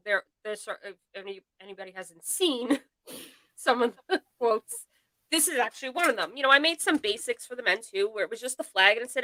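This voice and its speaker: A woman's voice: a little high, pushed and bright, no room sound, rough recording. A woman in a casual live podcast chat, talking bluntly and in a rambling way, with a sarcastic edge. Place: home.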